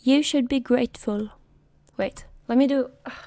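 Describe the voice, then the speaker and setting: A woman's voice: high-pitched, normal speed, warm tone. A woman streamer reading comics aloud, who restarts lines and laughs at her slips while trying out character voices.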